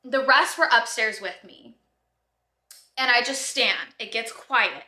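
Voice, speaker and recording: A vlogger in her twenties tells her viewers a story in a fairly high voice, animated and chatty, packed with "like" and breathless bursts of excitement. It's casual storytelling recorded in an echoey room.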